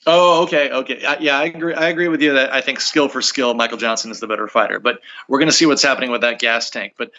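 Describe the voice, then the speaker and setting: A ring announcer guesting on a casual podcast, his voice bright and forceful. He jokes in an easygoing way. The call audio comes through dull and lo-fi. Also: mid-range voice, steady tone, fast, few pauses. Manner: joking, easygoing. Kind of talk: casual chat. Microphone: video call.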